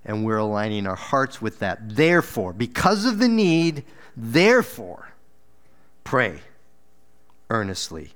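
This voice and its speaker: A man's voice: very animated, slow pace, long pauses, fairly bright tone. Earnest man preaching a sermon. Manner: earnest, exhorting, repeats words, rises for emphasis then drops low. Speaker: pastor. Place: church.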